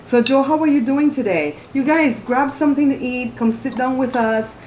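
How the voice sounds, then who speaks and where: Chatting away to her viewers while she eats, this woman hosts a relaxed mukbang at her dining table at home. Her voice is high and slightly mellow, at a normal pace, picked up by a camera on the table in a roomy space full of clattering dishes, with a little hiss or hum.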